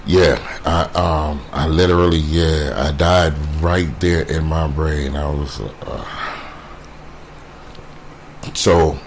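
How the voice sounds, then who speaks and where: A man telling a painful personal story in a casual way, halting often with fillers and repeated words. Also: rumbling low, slight background noise. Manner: quotes others in a brisk voice.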